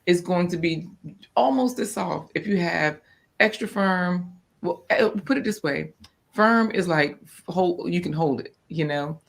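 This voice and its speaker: A woman co-hosting a casual live-stream chat about gardening and food, informal and quick to laugh. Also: fairly low pitch, gravelly. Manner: chatty and informal, laughs often. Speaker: co-host of a homestead live chat. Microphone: off-camera, voice only.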